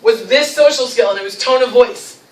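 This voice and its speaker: A woman presenting a lively teacher workshop, playful and animated, breaking into demonstrations in a large room. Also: on the high side, normal speed, far from the mic. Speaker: special education director leading a teacher workshop. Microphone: distant from the recording mic. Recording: echoey room recorded from afar.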